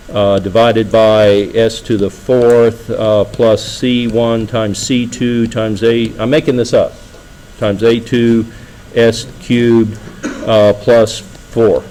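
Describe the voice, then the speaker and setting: Through poor audio and slight background noise comes a lowish, slightly mellow voice: a middle-aged man giving an engineering lecture. His style is casual, and he checks in with students often by asking questions.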